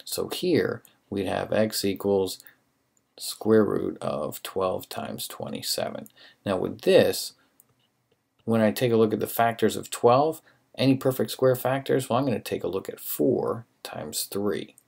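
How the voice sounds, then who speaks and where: A man's voice: lowish voice, animated, a little slow, creaky, darkish tone, slightly rough. A man teaching a recorded math lesson, talking casually through worked steps and encouraging students.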